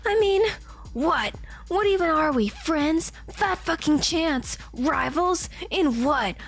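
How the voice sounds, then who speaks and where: A woman reading the part of a furious young man who snarls, growls and curses at his rival. The voice stays high and bright, with short shouted bursts and a faint bed of music underneath. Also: lively intonation, slow pace, exaggerated voice. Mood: angry shouting.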